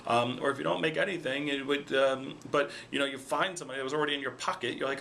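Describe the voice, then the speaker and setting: A man talks straight to his viewers in a casual, argumentative way and keeps checking in with them as he explains. His voice is bright and forceful. A faint hiss of background noise sits under the recording. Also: mid-range voice, very fast, gravelly, hardly any pauses. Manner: explaining, repeats "okay?" for emphasis. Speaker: vlogger.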